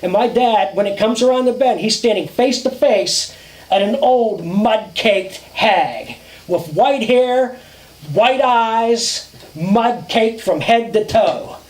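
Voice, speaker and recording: A man casually telling a ghost story outdoors at a campfire, dramatic and drawn-out, with swearing. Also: high-pitched, roomy sound, low-quality recording.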